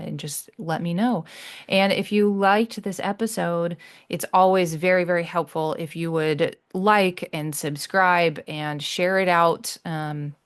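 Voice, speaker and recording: A woman with a low-pitched voice hosts her own solo podcast. She speaks earnestly and reassuringly, often halting and starting her sentences over. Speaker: podcast host. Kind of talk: heartfelt solo podcast talk.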